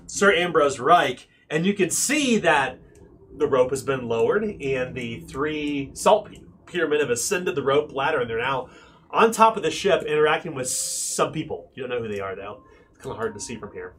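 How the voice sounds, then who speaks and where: A man running a tabletop game as game master, describing scenes in an animated way with frequent fillers. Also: mid-range voice, slight background noise.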